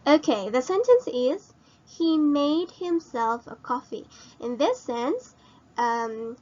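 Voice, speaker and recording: Filipino lady teacher, slow step by step grammar explaining, kinda dull lo-fi audio. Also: high voice, sing-song, darkish tone. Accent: Filipino English. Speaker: English teacher. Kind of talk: recorded online grammar lesson.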